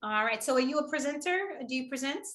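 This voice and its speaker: A woman leading an online public speaking workshop, energetic and encouraging, often laughing. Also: high-pitched, fast. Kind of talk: upbeat online workshop coaching.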